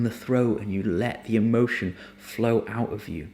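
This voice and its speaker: Man, low voice, gentle and earnest healing teacher, unhurried, at times near a whisper. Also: fairly even intonation. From United Kingdom. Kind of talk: reflective spoken teaching to camera.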